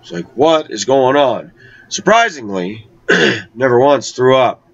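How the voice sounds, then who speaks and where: A man telling a personal travel story in a conversational way, slowing down to draw out key words. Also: mid-range voice, expressive, dry recording. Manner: conversational, with slow, drawn-out emphasis. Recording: dull lo-fi recording.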